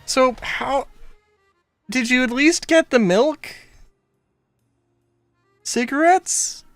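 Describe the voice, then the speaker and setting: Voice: high voice, extremely slow, no room sound, faint music behind, heavily acted. A streamer putting on the voice of a nagging mock parent who scolds in an exaggerated way. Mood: mock-scolding.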